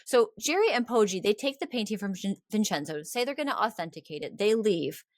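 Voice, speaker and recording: A woman podcast host telling a history story in a casual, animated way, often acting out the people she describes. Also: mid-range voice, a little fast, no echo, clean studio sound.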